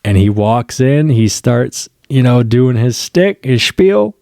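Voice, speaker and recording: Excited man rambling through a review. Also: medium pitch, slow pace, no room sound, clean studio sound. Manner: excited, rambling, with slang and swearing. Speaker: TV episode reviewer. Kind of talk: casual spoken review.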